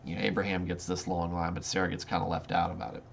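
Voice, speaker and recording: Low-voiced man reading and discussing scripture. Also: little pitch movement, quick pace, creaky. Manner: reads scripture then comments informally, with restarts. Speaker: Bible study host. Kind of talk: casual Bible reading and commentary.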